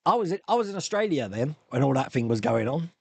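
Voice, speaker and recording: Animated chatty man hosting a live stream. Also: mid-range voice, fast talker, slightly rough, no room sound. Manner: chatty, rambling, reads viewer comments aloud. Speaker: live stream host answering viewer questions. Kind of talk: casual chat. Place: home hobby room.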